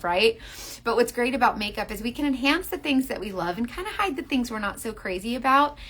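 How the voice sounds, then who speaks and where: A woman's voice: a little high, fairly bright tone. Chatty woman demonstrating makeup live. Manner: chatty and earnest, talks straight to viewers; rambling, restarts sentences. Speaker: makeup seller.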